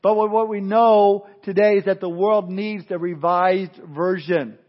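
High-voiced man preaching a sermon. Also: fairly even intonation, unhurried, muffled recording. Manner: preaching with frequent repeated words and restarts. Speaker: pastor.

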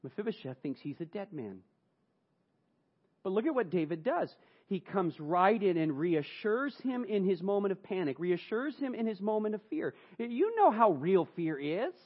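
A man preaching a sermon, telling the story dramatically and moving between hushed and raised passages. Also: high voice, big pitch swings, normal speed, lo-fi sound. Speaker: pastor.

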